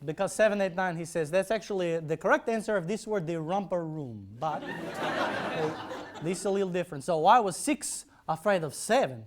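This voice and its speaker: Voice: medium pitch, animated, moderate pace, heavy background noise. A playful, goofy host running a live comedy game show on stage. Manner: goofy, playful, audience-rousing.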